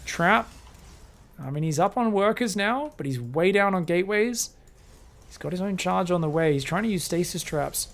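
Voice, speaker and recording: Male esports caster, young adult, high gravelly voice, excitable, swears, rambling asides. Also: normal speed. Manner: animated, swears freely, drifts into rambling stories. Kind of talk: solo live game commentary.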